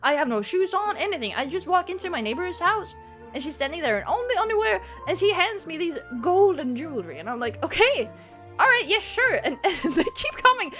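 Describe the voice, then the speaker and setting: A woman's voice: extremely high pitch, very animated, brisk, fairly bright tone, faint music behind. A woman live streamer chatting casually with her viewers and telling a rambling story, laughing often.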